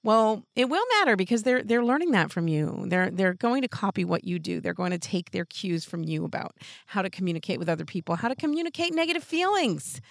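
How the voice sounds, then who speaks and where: A woman hosting a parenting show, giving earnest, gentle advice in a casual way and laughing lightly between thoughts. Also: medium pitch, sing-song, fairly quick, gravelly, hardly any pauses, no echo, studio quality. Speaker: parenting podcast host.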